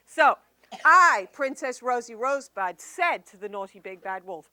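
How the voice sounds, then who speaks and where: A woman entertainer telling a story live to young children, animated and sing-song with drawn-out emphasis. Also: on the high side, no echo.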